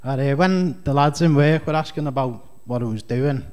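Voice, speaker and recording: A man's voice: medium pitch, normal speed, darkish tone. A man with a Scouse accent doing a rambling, chatty stand-up comedy set on a club stage. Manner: rambling, chatty, heavy on fillers.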